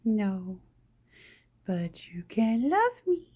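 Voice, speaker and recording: Woman pet owner, unhurried husky voice, baby-talking her bird into a handheld phone. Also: fairly high pitch, big pitch swings, mellow. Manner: scolding then cooing, playful. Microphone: phone held in hand.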